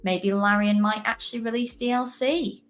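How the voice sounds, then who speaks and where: A woman's voice: medium pitch, steady tone, moderate pace, faint music behind. A woman co-hosting a livestream, chatting casually in a bubbly, giggly way. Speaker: co-host.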